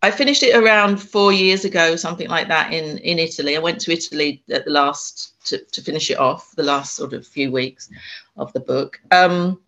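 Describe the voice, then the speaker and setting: In an interview, a woman who works as an author and spiritual medium tells her story. Her voice sits low with a slight brightness, and she speaks haltingly, often restarting and saying "um."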